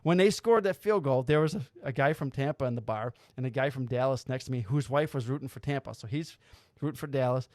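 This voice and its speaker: A man hosting a podcast chats casually in a quick, mid-range voice, recorded at studio quality with no room sound. He tells stories with animation, dramatizes quotes, and swears freely.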